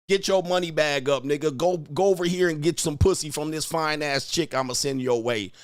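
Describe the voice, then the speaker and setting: A man's voice: a little high, clean tone, no echo. A man hosting a livestream, berating his viewers in a profane rant full of insults and repeated taunts. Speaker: livestream host and dating coach. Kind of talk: ranting at live chat.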